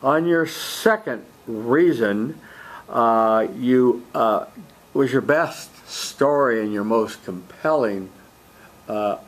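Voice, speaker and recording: A man who coaches debate, giving a student measured spoken feedback on a speech in a classroom, with frequent ums. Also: medium pitch.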